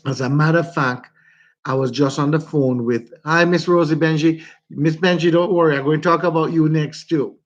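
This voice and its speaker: A man with a Jamaican accent, hosting a casual livestream and warmly greeting his viewers by name. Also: a little high, steady tone, moderate pace, highs cut off. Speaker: livestream host.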